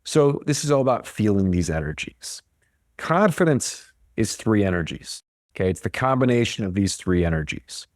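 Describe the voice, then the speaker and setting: A man's voice: lowish voice, big pitch swings, normal speed, a little mellow, no room sound, studio quality. A man hosting a motivational solo podcast, coaching listeners with energy and rhetorical questions, often checking in with "right?" and "okay?". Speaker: podcast host.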